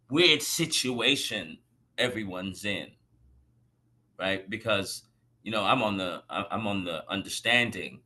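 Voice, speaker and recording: A man sitting in on a podcast panel, talking in a loose, rambling way full of "you know" and "right?" asides. His voice has a very bright, sharp edge. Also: fairly low pitch, husky. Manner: rambling, many fillers like "you know" and "right?", laughs at his own points. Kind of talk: casual panel discussion.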